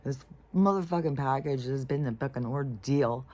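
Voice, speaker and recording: Her voice is extremely low-pitched and dark, delivered at a normal speed. This woman, a spiritual vlogger, vents casually about her day in a rambling, frustrated, irritated monologue packed with swearing and fillers.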